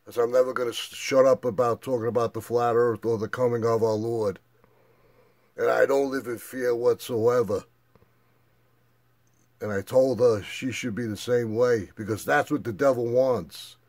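A middle-aged man talks straight into his own camera in a loose, unscripted monologue. He is emphatic and insistent, and he pushes harder as he retells each argument. His voice sits at an ordinary, mid-range male pitch. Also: fairly even intonation, normal speed, a little mellow. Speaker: vlogger. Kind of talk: casual vlog monologue.

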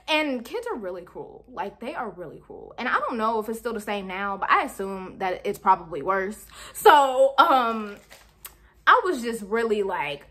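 Young woman, storytime vlogger, lively, slightly high voice, chatty. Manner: animated, talks to viewers directly, laughs often. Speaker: YouTuber. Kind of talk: storytime vlog.

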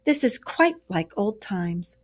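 A woman's voice: mid-range voice, very animated, slow pace. A woman voicing an eager, homely male mole in a storybook read-aloud. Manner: eager, fond.

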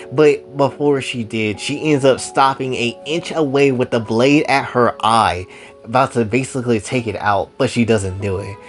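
A man casually retelling a story in a loose, slangy way. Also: mid-range voice.

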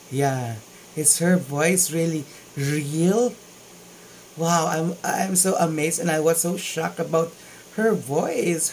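A man's voice: on the high side, a little mellow, slight background noise, poor audio. A man with a Filipino accent hosting a casual reaction video, gushing with exclamations of amazement. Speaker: YouTube reaction vlogger.

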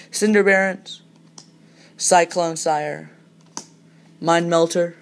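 A young adult vlogger rambling through a card pack opening in a relaxed, casual way. They read each card name aloud and break into sudden excited bursts over a good pull. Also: mid-range voice.

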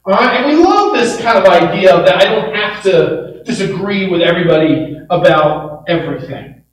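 A male pastor preaches with an animated, playful delivery and slips into quoted voices as he goes. His voice sits fairly high for a man. It rings around a big echoey church hall, picked up from some distance with a faint hum of room noise behind. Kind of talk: sermon. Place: church auditorium.

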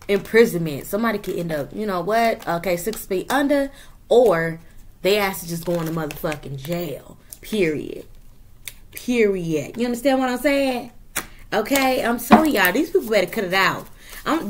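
A woman giving a casual tarot reading to her viewers, talking in a profane, emphatic way and tagging her points with "okay?" and "period.". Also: medium pitch. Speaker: tarot reader.

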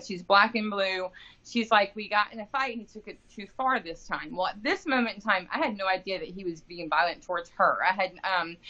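A woman in her forties recounts a painful family story with a bright, tense voice. Her talk rambles along, full of "like" and restarts. The recording sounds dull and lo-fi. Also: mid-range voice. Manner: rambling, many fillers and restarts. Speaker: interview guest, grieving mother. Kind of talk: emotional personal account. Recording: dull lo-fi podcast audio.

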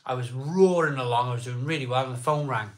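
On a live beer stream, a man with a mid-range voice talks fast as he chats casually with viewers. He reads their comments, greets people by name, and rambles from one topic to the next.

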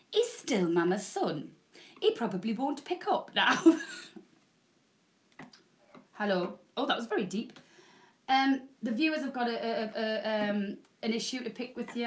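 A bubbly, loud woman in her forties hosting a live selling show. Her voice sits high for a woman, and she chats fast and warmly with viewers as she pitches products. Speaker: shopping channel presenter. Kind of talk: live selling stream, chatty. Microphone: proper microphone.

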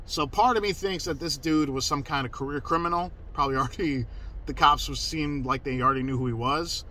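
Bright-voiced man telling a profane story. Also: a little high, fairly quick, slight background noise, low-quality recording. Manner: profane, emphatic, self-interrupting. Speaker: mover telling a personal story. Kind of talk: casual storytelling to camera.

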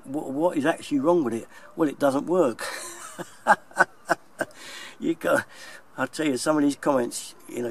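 A man's voice: mid-range voice, husky. A man with a London accent talking casually to his viewers as a plumber, chatty and plain-spoken, often chuckling. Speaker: plumber and video maker. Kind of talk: casual vlog talk to viewers. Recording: distant mic, faint background noise.

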